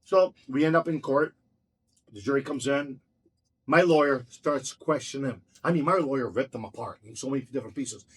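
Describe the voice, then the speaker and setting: Fast-talking profane storyteller man. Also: medium pitch, slightly rough. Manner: profane, heated and blunt. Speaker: storyteller recounting his own run-ins. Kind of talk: casual storytelling chat.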